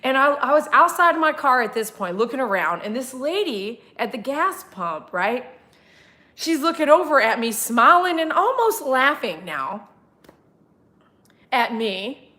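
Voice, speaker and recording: Animated, laughing woman storyteller. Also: measured pace. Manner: animated, laughing, acts out dialogue with big pitch jumps. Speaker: pet groomer telling a story to viewers. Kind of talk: casual storytelling livestream.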